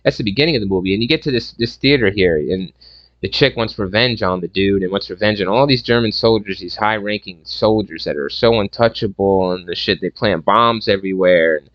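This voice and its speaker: A man's voice: lowish voice, brisk, dry recording, highs cut off. A man giving a casual, profane and rambling movie review rant, sarcastic and full of restarts.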